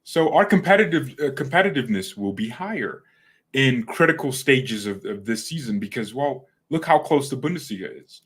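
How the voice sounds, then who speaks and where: A man's voice: medium pitch, animated, normal speed, a bit bright, breathy edge. A man delivers a casual football opinion rant as the host of a fan channel. He is blunt and opinionated, with a trash-talking edge, and he stammers over repeated words when he gets worked up.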